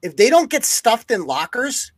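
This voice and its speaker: A man's voice: very high voice, sing-song, moderate pace, dry recording. A man hosting a live news-commentary podcast, ranting with heavy profanity and sarcasm. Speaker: podcast host.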